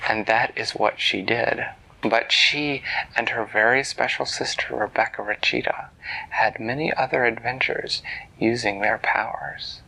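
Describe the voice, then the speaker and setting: A man's voice: mid-range voice, fairly even intonation, a little slow, vocal fry, sharp tone, husky, poor audio. A man telling an improvised bedtime story to his children in a playful way, sometimes dropping to a whisper. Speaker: parent storyteller.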